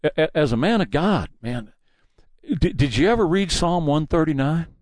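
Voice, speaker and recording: Combative man with a lively voice. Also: a little high, normal speed, no room sound. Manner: combative, preachy, mocking. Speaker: talk show host. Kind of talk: political commentary monologue.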